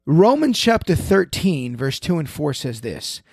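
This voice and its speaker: A man with a slightly high voice delivers emphatic religious commentary, reading scripture and firing off quick questions to drive his point home. His voice sits close and dry, with no room around it. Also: very animated, vocal fry, slightly rough, dry recording.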